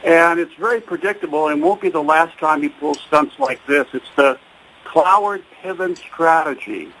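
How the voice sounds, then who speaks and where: A man's voice: fairly high pitch, normal speed, fairly bright tone, slight background noise, poor audio. A man calling in to a talk radio show, speaking hesitantly with many stops and restarts. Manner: hesitant, full of fillers and restarts. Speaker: caller.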